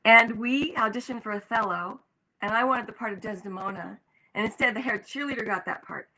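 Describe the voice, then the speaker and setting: Older woman, actress guest, animated storytelling, bright crisp tone, acts out quoted voices. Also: on the high side, fairly quick, rough recording. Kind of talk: storytelling in an interview.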